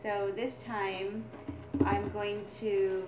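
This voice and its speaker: A woman's voice: medium pitch, little pitch movement, drawn-out words, background noise. A woman teaching a drumming exercise as a mother, explaining in an earnest, reflective way. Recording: echoey room with drums.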